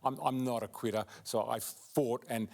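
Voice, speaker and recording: A man's voice: mid-range voice, steady tone, moderate pace, gravelly, darkish tone. A middle-aged-to-older Australian man, a guest on a sports panel, talking bluntly and heartily, often stopping and starting over mid-sentence. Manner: blunt, matey, repeats words and starts over. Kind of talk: casual panel chat.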